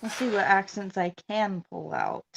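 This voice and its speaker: A woman from the Deep South with a Southern American accent, bantering dryly in a casual chat. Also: huge pitch swings, moderate pace, creaky, slight background noise. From Deep South, United States. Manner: dry, joking banter.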